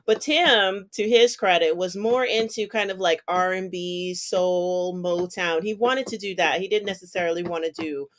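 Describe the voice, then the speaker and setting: An American co-host on a music podcast, chatting casually, agreeing readily and quick to laugh. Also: mid-range voice, steady tone, a bit bright. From United States. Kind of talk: casual chat.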